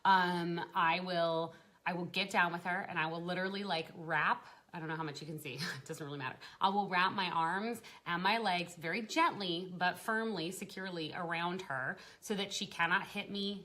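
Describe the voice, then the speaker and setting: A young woman with a slightly low voice chats freely on a live stream, full of ums, restarts and quick laughs. She talks straight into her phone or laptop to other parents. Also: steady tone, pushed and bright. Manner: chatty, laughs often, many fillers and restarts. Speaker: parenting group host. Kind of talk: casual live-stream talk.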